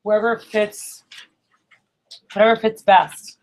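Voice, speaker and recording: A woman's voice: medium pitch, little pitch movement, slow pace. Chatty woman telling a story to a group. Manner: chatty, fills with "like" and checks in with "right?". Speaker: speaker at a group meeting. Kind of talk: casual storytelling talk to a group.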